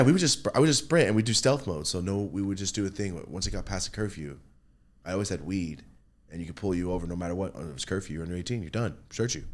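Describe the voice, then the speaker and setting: Deep-voiced man telling stories casually. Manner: loose, profane, animated storytelling with acted-out quotes. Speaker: podcast host. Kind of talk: casual storytelling chat.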